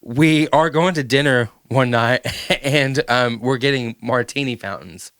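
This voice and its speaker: A man's voice: mid-range voice, a little slow, clean tone, no room sound. Playful Southern-accented man hosting. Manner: animated, playful, laughs a lot. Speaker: podcast host. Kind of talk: casual chat.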